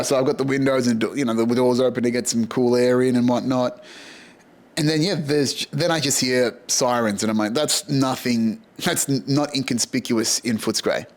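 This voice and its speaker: A man with an Australian accent hosting a podcast, rambling through a casual, sweary monologue and laughing at his own jokes. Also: medium pitch. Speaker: podcast host.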